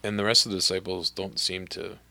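A man talking through a gospel passage in a relaxed conversation, thinking aloud with restarts and often checking for agreement. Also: low voice, brisk, vocal fry. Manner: thoughtful, frequent restarts, asks for agreement with "right?". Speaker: clergy discussing scripture. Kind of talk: casual theological conversation.

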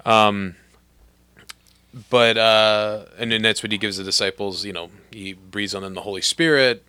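A man with a bright, forceful voice and a slightly low pitch, talking through scripture in a relaxed back-and-forth. He thinks aloud, restarts his sentences and keeps asking "right?" for agreement. The sound is dry and close. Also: a little slow, clear, resonant tone, dry recording. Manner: thoughtful, frequent restarts, asks for agreement with "right?". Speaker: clergy discussing scripture. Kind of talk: casual theological conversation.

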